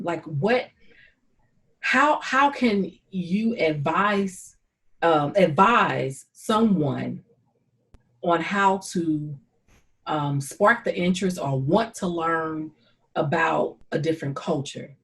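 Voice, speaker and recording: A woman with a St. Louis accent hosting a conversation, speaking in an earnest, encouraging and measured way. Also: low voice. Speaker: host. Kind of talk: casual conversation.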